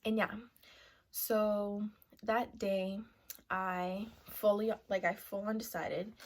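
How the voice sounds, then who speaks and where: A young woman vlogger telling a personal story in a casual sit-down style, filling her talk with "like" and "you know" and sometimes dropping to a hushed half-whisper. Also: medium pitch, little pitch movement, takes it slowly. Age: young adult. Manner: chatty, full of "like" and "you know" fillers. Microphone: camera mic, seated to camera.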